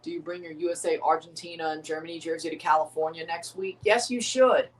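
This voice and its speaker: A man with a fairly high voice talks loosely through a live match watchalong. He answers his chat, circles back to the same points and repeats himself, and he sits a little back from the mic. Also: steady tone, a little fast, distant mic. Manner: chatty, repeats phrases, answers chat viewers. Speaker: livestream host reacting to a match. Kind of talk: casual live watchalong commentary.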